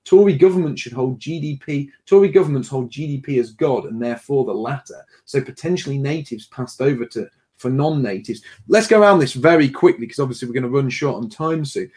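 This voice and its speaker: A man's voice: mid-range voice, animated, fairly quick, a little mellow, breathy edge. A man hosting a casual panel show, reading out viewer messages with chatty, self-deprecating asides. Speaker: podcast host reading viewer donations.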